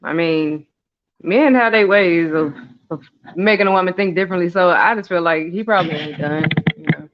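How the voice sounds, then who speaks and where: A man's voice: high voice, normal speed. A man chatting casually as a recap co-host, thoughtful and hedging, with frequent "um"s. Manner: thoughtful and hedging, many "um"s and "I don't know"s. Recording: dull, lo-fi audio.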